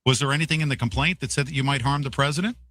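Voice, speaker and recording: A man's voice: medium pitch, very fast, fairly bright tone, dry recording. A man hosting a talk show, questioning his guest in an urgent, emphatic way. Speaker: host. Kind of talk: talk radio interview.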